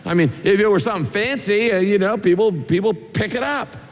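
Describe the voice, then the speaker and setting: Guy preaching, kinda high voice, chatty story style w/ lots of questions, long hall echo. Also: a little fast, a little hiss or hum. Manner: folksy storytelling with rhetorical questions. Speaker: pastor. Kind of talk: sermon.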